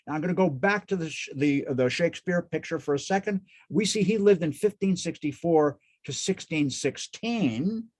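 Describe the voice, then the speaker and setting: Cantor guy giving a casual lecture, kinda high voice, keeps restarting himself, really into it. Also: darkish tone. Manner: restarts and corrects himself often, enthusiastic. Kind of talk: informal lecture. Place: synagogue hall.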